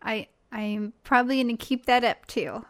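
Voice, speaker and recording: A woman's voice: on the high side, normal speed. A woman co-hosting a podcast with her husband, playful and laughing often. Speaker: podcast co-host. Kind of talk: casual chat.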